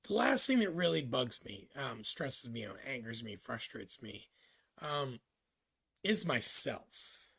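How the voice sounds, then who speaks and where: A man with a gravelly, husky voice that still carries a sharp, tense edge. He talks to camera in a casual personal vlog, thinking aloud in a halting, reflective way, full of ums and restarts. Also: mid-range voice, big pitch swings. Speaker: vlogger.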